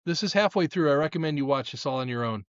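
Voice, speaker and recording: A man in his forties casually commenting on clips he plays, excitable and self-mocking. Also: fairly high pitch, fast, no room sound, highs cut off. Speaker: host playing and reacting to clips.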